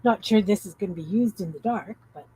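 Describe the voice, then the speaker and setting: A woman's voice: medium pitch, a little fast, mellow, slightly rough, poor audio. A woman hosting a casual crafting live stream, tired, rambling and giggling as she chats with viewers.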